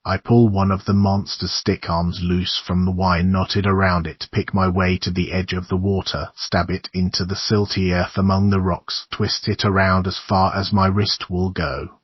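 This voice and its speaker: A man narrating a horror audiobook in a measured, somber way with a husky voice. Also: deep voice, little pitch movement, no echo, dull audio.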